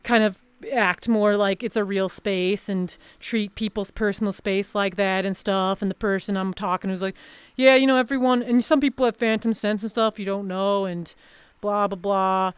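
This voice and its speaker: A woman's voice: mid-range voice, fairly even intonation, moderate pace, smooth, no room sound. A woman streamer telling a story in a casual, rambling chat full of fillers and restarts.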